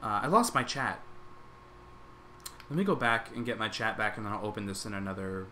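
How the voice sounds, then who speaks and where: Bright, lively young man chatting on stream. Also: on the low side, fairly quick, a little hiss or hum. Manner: rambling, reacts to chat and videos with frequent "like". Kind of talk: casual live-stream chat.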